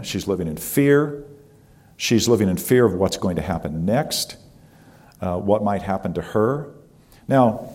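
A man preaching, telling a dramatic story with fillers and pauses. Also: sits low, a little mellow. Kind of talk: sermon storytelling.

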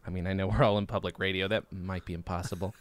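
A man hosting a podcast in casual chat, animated and swearing freely, his pitch jumping up and down and laughs breaking in. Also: quick pace, no room sound. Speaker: podcast host.

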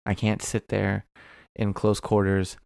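A man's voice: fairly low pitch, monotone, unhurried, vocal fry, a little mellow, no echo, studio quality. A man co-hosting a podcast from home on his own mic, chatting casually and reading out where to follow the show. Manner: laid-back, reads out social links. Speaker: podcast co-host. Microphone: records remotely on own mic.

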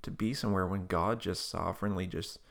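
A man telling a personal story in a relaxed conversational way, with many fillers and restarts and bursts of animated delivery. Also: deep voice, brisk, creaky. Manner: animated, breaks into loud excited quotes.

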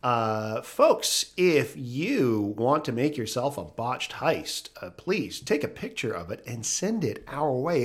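A man's voice: medium pitch, a bit bright. Jokey male podcast host. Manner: jokey, quick back-and-forth banter. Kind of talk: casual podcast chat.

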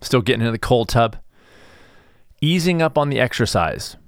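A middle-aged man hosting his own podcast, speaking in a halting, subdued way as he reflects on grief. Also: medium pitch, very animated, dry recording, clean studio sound. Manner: halting and searching for words, soft-spoken. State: grieving, subdued. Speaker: podcast host and stress management coach. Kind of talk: reflective solo podcast monologue.

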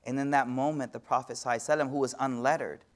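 A man giving a sermon-style lecture as an Islamic teacher, swinging from hushed to loud, with slangy asides and rapid Arabic recitation. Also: medium pitch, fairly even intonation. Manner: slangy, addresses audience directly.

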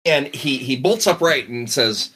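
Man, game master, tabletop game narration, bright husky voice, lively pitch, playful. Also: measured pace. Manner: playful, laughing, repeats words.

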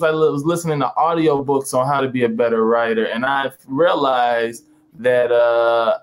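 Comic guy telling stories on a podcast, does little voices, normal pitch. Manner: animated storyteller acting out voices. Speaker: stand-up comedian. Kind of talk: casual podcast chat.

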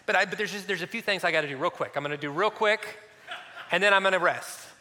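High, bright-voiced male preacher. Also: quick pace, in a large hall, slight background noise. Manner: animated storytelling with sudden drops to a soft near-hush. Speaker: pastor. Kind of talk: sermon.

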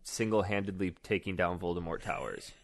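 A man co-hosting a gaming podcast in casual chat, delivering dry, deadpan remarks. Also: low voice, a little fast. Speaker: podcast co-host.

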